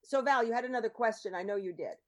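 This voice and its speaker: Woman radio host, bright upbeat chatter, slightly high voice, runs the call-in lines. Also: fast. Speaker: radio talk show host. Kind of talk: live call-in radio hosting.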